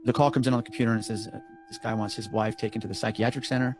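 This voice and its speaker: A man telling a story in a rambling, profane, animated way on a casual podcast. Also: on the low side, racing, a little hiss or hum. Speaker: storyteller recounting a work call.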